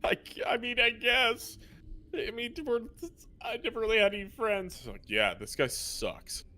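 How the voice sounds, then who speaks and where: A man's voice: high voice, expressive, normal speed, pushed and bright, voice pushed up, exaggerated voice. A man voicing a whiny, defeated young male cultist underling who mumbles complaints. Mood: whining.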